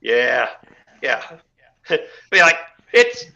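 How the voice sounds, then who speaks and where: A man's voice: on the high side, animated, moderate pace, pushed and bright, poor audio. A man co-hosting a podcast in casual chat, talking crudely and with lots of profanity. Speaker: podcast co-host.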